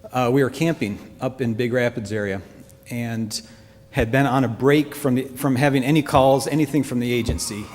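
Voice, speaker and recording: A man's voice: mid-range voice, darkish tone. Earnest man in a reverberant church hall. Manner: earnest, heartfelt, halting. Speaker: church member giving a testimony. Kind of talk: personal testimony to a congregation.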